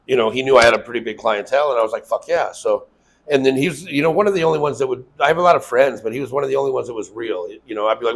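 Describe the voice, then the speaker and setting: Speaking very fast at a medium pitch on a rough recording, a Las Vegas man who owns a tattoo shop guests on a casual interview. He spins loose stories laced with profanity, voicing the people who spoke to him.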